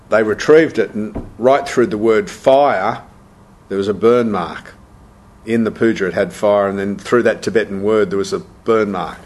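A man who teaches meditation, talking reflectively and telling anecdotes, acting out the people he quotes and often repeating words. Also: fairly low pitch. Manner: storytelling, acts out quoted voices, repeats words.

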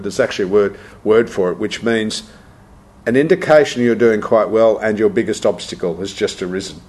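A man with a mid-range voice gives a reflective talk as a meditation teacher. He tells anecdotes and acts out the people he quotes. He often repeats words as he searches for the next thought. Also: medium pitch.

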